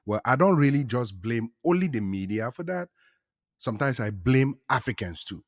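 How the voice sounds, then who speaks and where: A man hosting a casual chat show, telling stories with animated delivery and acting out the people in them. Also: mid-range voice, normal speed, no room sound, studio quality. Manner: animated storytelling, acts out voices in quotes. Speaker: show host.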